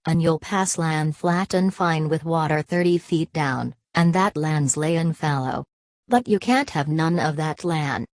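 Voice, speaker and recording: A woman's voice: low-pitched, measured pace, no room sound. A woman reading the part of a weary migrant father who speaks in a plain, bitter drawl, in an audiobook.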